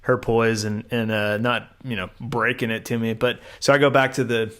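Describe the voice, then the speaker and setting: A middle-aged man chatting casually on a podcast, telling lively stories, swearing freely and acting out other people's voices. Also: medium pitch, moderate pace, clear, resonant tone. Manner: animated storyteller, acts out voices, swears casually. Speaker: podcast co-host.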